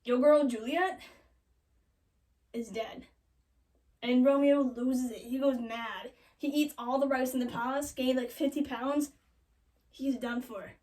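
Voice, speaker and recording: A young woman casually retelling a classic love story as a joke, with sarcastic asides and quick quoted voices. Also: high-pitched, steady tone, mellow, distant mic, rough recording. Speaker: comedic storyteller. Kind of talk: joking retelling of a classic play.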